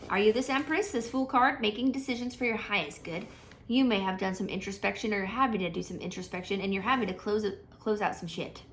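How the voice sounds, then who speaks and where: Woman, tarot reader, casual chatty reading, mid-pitched voice, faint background hiss. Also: fast talker, a bit bright. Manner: chatty, thinks aloud, frequent fillers and restarts.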